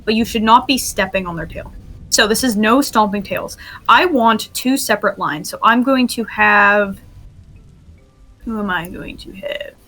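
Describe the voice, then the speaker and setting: A woman speaks at medium pitch and normal speed, her tone bright and forceful. As host of a group roleplay training, she gives instructions with plenty of giggling and laughter, plus repeated coughing fits.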